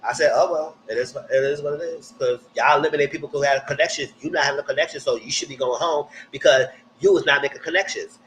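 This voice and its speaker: A young man, hosting a live reality TV recap in casual commentary with animated, exaggerated re-enactments. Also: a little high, fast talker, few pauses, a little hiss or hum, rough recording.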